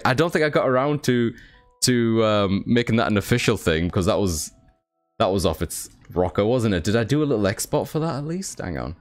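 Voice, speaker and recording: A man's voice: on the low side, expressive, a little fast, soft background music. A young British man chatting casually on his live stream, thanking viewers and swearing now and then. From Britain. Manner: chatty, swears, reads chat aloud.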